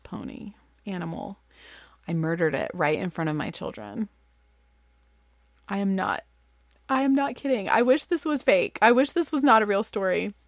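A woman in her thirties, a mother telling a funny story in a casual, animated, self-deprecating way. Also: normal speed, vocal fry, long pauses, no echo, studio quality. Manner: animated, self-deprecating, acts out quotes in high voices.

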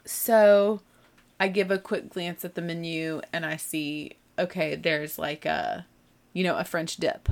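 A woman's voice: fairly low pitch, steady tone, measured pace, vocal fry. A young woman with a mild Southern American accent, telling a funny story casually, full of "like" and "you know". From southern United States. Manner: chatty, lots of "like" and "you know", self-mocking. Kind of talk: casual anecdote.

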